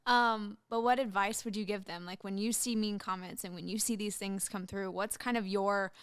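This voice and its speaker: A woman's voice: mid-range voice, fairly even intonation, normal speed, smooth, no room sound, clean studio sound. A young woman hosting a podcast, asking questions and summing up her guest's points in an encouraging way. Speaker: podcast host. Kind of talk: interview questions.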